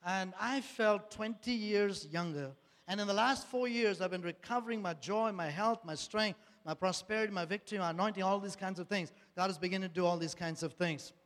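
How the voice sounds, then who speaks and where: A man's voice: high-pitched, fairly quick, fairly bright tone. A man giving an earnest church testimony, repeating phrases and asking rhetorical questions. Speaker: speaker giving a personal testimony. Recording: long hall reverb.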